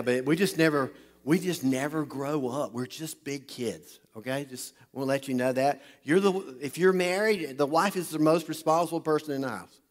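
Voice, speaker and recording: A man preaching a sermon, joking and chatting with the crowd in front of him. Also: fairly high pitch. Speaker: pastor. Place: large hall with an audience. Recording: long hall reverb.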